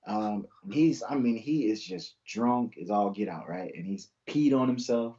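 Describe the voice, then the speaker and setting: A man's voice: lowish voice, measured pace, lo-fi sound, crowd noise. A young man who is a police officer, chatting as a guest in an easygoing, laid-back way and telling stories from the job. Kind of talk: casual interview chat, storytelling.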